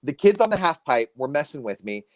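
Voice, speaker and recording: A man in his forties co-hosting a casual live stream, telling stories with animated energy. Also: fairly quick, no echo. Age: 40s. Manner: animated storytelling, lively pitch. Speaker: co-host.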